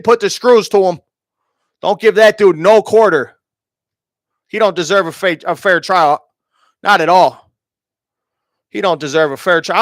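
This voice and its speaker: A man from Minnesota with a notably high voice rants on his stream, swearing hard and taunting the person he is talking about. The sound is close and dry, with no room around it. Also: fairly bright tone, no room sound. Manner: profane, heated, taunting. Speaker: streamer host. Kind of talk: ranting commentary.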